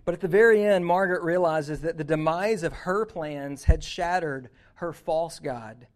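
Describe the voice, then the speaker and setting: A man preaching a sermon, telling a story that moves from hushed passages to loud, urgent ones. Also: on the high side, normal speed. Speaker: youth pastor.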